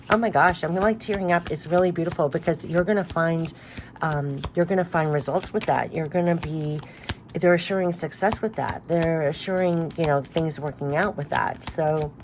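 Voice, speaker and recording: A woman's voice: sits low, moderate pace, background noise. A woman giving a spiritual tarot card reading, talking in an earnest, emotional, rambling way with many restarts.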